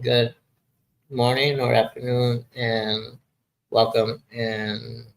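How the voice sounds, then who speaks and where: A man's voice: medium pitch, creaky, fairly bright tone, low-quality recording. A man in his sixties hosting a casual live chat, rambling and often losing his train of thought. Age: 60s. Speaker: livestream host.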